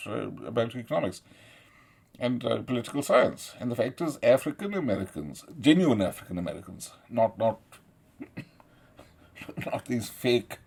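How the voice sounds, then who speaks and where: A man's voice: mid-range voice, gravelly, darkish tone, husky. A middle-aged man from South India, giving a rambling, profane political monologue and laughing often between points. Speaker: commentator.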